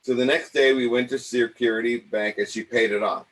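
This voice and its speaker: An older man, an acting coach, tells stories from his own life with an animated, theatrical delivery. His voice sits at an ordinary middle pitch. He slips into the voices of the people he remembers as he goes. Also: a little fast, low-quality recording. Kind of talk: personal storytelling.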